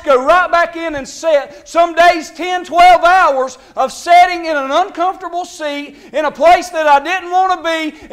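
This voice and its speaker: High-voiced impassioned male preacher. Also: a bit bright. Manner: impassioned, pleading, calls on congregants by name. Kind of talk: Baptist sermon. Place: church sanctuary.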